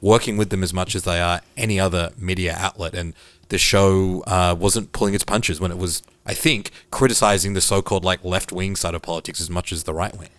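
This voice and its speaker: This is an Australian man hosting a podcast, talking in a low voice. He steers a casual discussion and puts questions to his co-hosts. The sound is close and dry, with no room around it. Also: fairly even intonation, a little fast, a bit bright, dry recording. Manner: leads the discussion, asks questions. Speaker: podcast host.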